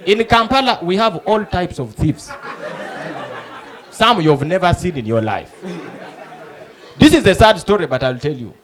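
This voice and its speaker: A man with a Ugandan English accent doing animated stand-up, acting out the people in his stories. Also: sits high, unhurried, long pauses, a faint crowd. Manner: animated storytelling, acting out characters. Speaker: stand-up comedian. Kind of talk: stand-up comedy. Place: comedy club stage before a live audience. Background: audience laughter.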